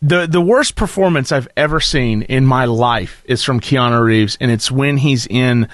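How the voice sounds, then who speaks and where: A man's voice: mid-range voice, moderate pace, no echo, clean studio sound. A man co-hosting a podcast in a casual, joking chat. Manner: animated, joking, does mock voices. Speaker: podcast co-host.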